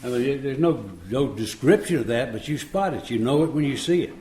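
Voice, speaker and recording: In a roomy live recording with a little hiss or hum, a man in his seventies shares his recovery story with a meeting. His medium-pitched, mellow voice is animated and a bit fast, and he chuckles in a folksy way while playing out the conversations.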